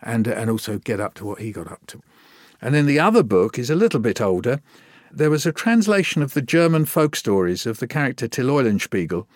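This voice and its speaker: A man's voice: medium pitch, big pitch swings, brisk, no echo, studio quality. An older man, a guest poet and children's author telling anecdotes in a conversational interview and acting out remembered dialogue. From Britain.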